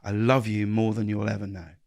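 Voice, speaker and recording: A man's voice: lowish voice, level tone, brisk, creaky, a little mellow. A man, a guest speaking earnestly in an interview, often restarting his sentences and acting out little exchanges of dialogue. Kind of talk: reflective interview conversation.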